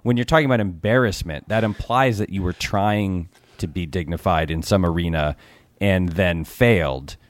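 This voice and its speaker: A man's voice: sits low, normal speed, no room sound. A man in his forties, a podcast guest, telling long rambling stories in casual chat.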